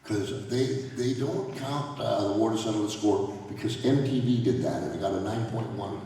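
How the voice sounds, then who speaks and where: As a fan panel guest in a large convention hall, a man with a fairly low, mellow voice tells rambling anecdotes at a moderate pace, laughing often. The sound is echoey and distant, with a little hiss or hum.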